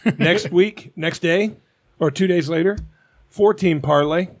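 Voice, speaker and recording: A man's voice: high voice, unhurried. A man with a Cincinnati accent, co-hosting a podcast in a blunt, profane, grumbling way. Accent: Cincinnati, Ohio. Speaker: podcast co-host. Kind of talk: casual chat.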